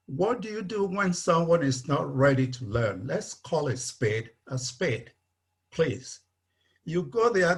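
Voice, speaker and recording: A man's voice: fairly high pitch, big pitch swings, slow pace. A man from Nigeria, speaking bluntly and emphatically on a video call and repeating his points. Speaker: webinar participant, engineer.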